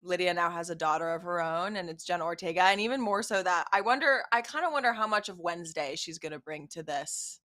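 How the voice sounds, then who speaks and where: A woman's voice: fairly low pitch, pushed and bright. A sleepy woman co-hosting a casual celebrity chat, gushing and peppering her talk with "like". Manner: gushing, fast, lots of "like". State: sleepy, yawning. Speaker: co-host.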